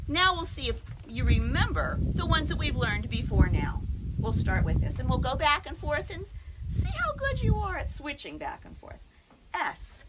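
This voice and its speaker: Animated older woman teaching children. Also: a little high, background noise. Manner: playful, drawn-out demonstrations. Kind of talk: children's phonics lesson.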